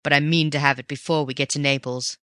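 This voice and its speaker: A reader voicing a cool, mocking gentleman thief who talks low and forcefully, in an audiobook reading. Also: steady tone, fast talker, clean tone, no room sound, studio quality, lightly acted. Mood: wry. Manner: snarling and teasing by turns.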